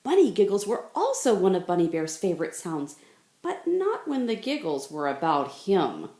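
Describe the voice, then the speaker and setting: A woman teacher reading a picture book aloud in a slow, expressive storytelling voice. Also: lowish voice. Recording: roomy echo.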